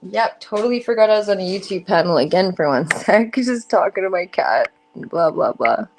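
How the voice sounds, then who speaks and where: A woman's voice: mid-range voice, lively intonation, brisk, a little hiss or hum. A young woman chatting casually on a live stream panel from home, stoned, rambling and laughing often as her sentences trail off. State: stoned and giggly. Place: home room.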